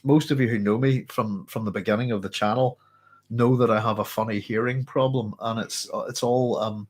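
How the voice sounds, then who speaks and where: A man's voice: medium pitch, steady tone, moderate pace, a little mellow. A man hosting a casual book club, congested and a little muffled, chatting and rambling with many restarts. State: congested, blocked-up nose. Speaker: book club host and teacher. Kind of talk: casual book discussion with reading aloud.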